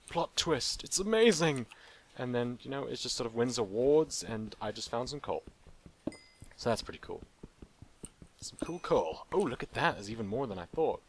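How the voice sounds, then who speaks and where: Young male let's-play host, low-ish voice with wide swings, jokey and rambling. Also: a little hiss or hum. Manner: playful rambling, jokes to the animals in the game. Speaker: gaming channel host.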